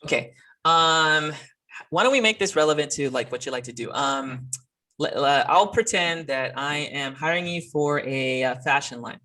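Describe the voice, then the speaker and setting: A man teaching an online class, talking haltingly with many fillers and restarts over a video call. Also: on the high side, bright, forceful tone. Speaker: instructor.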